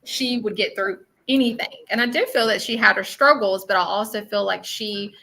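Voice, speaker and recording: Southern woman medium, bright voice with a faint hiss behind it, soothing and repetitive on a live reading. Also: medium pitch, normal speed, gravelly, rough recording. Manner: reassuring, repeats herself, keeps asking okay. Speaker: spiritual medium.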